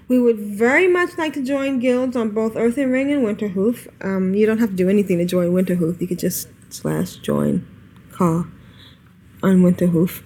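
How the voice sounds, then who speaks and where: A woman's voice: medium pitch, a little mellow, a little hiss or hum. A woman co-hosting a gaming podcast in a casual chat, reading listener emails aloud and often breaking into giggles. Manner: giggly, chatty, trails off into laughs. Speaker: podcast co-host.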